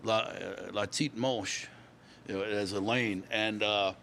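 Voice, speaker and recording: Low-voiced older man. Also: steady tone, measured pace, gravelly, fairly bright tone, slight background noise. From Louisiana. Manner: rambling, repeats and restarts words. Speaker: guest musician. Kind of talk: casual storytelling interview.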